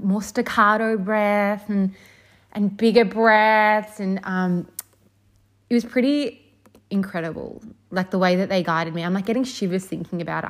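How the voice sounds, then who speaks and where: A young woman vlogger casually telling a personal story, chatty and full of "um" and "like". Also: mid-range voice.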